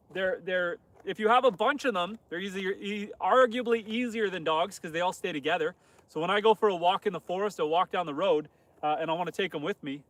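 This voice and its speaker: A man from Northern Canada walks his homestead with a phone camera, chatting to viewers in a loose, rambling way. His voice sits slightly high for a man. The sound is close and dry, with no reverb from the open air around him. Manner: relaxed, rambling, reads viewer comments aloud. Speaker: homesteader live-streaming host. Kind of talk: casual live-stream chat. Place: outdoors on a homestead farm among animals.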